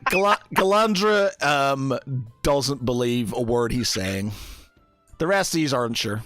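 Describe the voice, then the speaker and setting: A man's voice: mid-range voice, lively intonation, measured pace, fairly bright tone, dry recording, soft background music. A man narrating as game master, hesitant and full of fillers. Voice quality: hesitant, lots of fillers, laughs easily.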